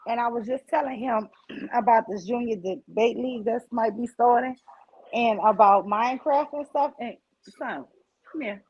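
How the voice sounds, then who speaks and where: A woman in her forties from New Orleans with a Southern accent, chatting emphatically on a video call and quoting people in lively voices. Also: fairly high pitch, moderate pace, breathy edge. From New Orleans, Louisiana. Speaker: panelist. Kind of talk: casual chat. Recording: slightly muffled audio.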